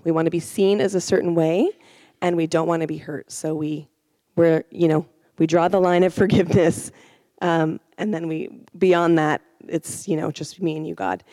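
A woman's voice: lowish voice, dark tone, dry recording. A woman teaching an informal sermon, chatty and self-deprecating, with many fillers and restarts.

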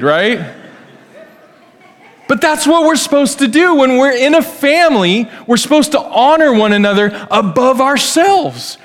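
A middle-aged male pastor preaching a family sermon, speaking directly to the kids and acting out what family members say. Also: high-pitched. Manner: lively, addresses kids directly, acts out family quotes. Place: church hall. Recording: long hall reverb.

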